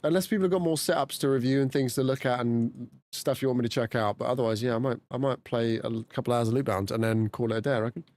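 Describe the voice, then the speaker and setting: A man streaming, chatting casually and laughing, dropping to low mutters and jumping to high exclamations. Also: fast talker, a little mellow. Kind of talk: casual live-stream chat.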